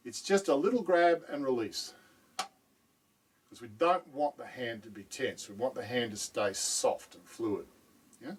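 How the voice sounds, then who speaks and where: A man's voice: medium pitch, a little slow, far from the mic, slight background noise. A man teaching drum technique in a patient video lesson, often checking in with "right?".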